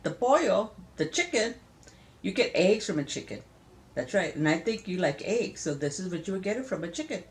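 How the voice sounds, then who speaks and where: A woman's voice: lowish voice, sing-song, brisk. An older woman from Southern California, a grandmother chatting playfully to a grandchild in a casual spoken lesson, often laughing.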